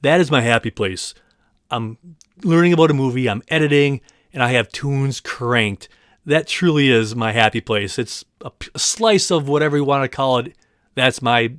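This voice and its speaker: A man's voice: mid-range voice, a bit bright, dry recording, studio quality. A man hosting a movie podcast, talking casually to his listeners, rambling a bit and stumbling over place names. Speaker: podcast host. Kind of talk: casual monologue thanking listeners.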